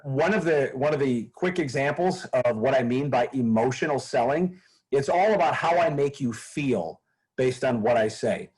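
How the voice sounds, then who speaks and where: A man being interviewed as a sales trainer, explaining his methods in an energetic, animated way. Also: medium pitch, normal speed, breathy edge, low-quality recording. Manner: animated, acts out phone calls in a bright raised voice.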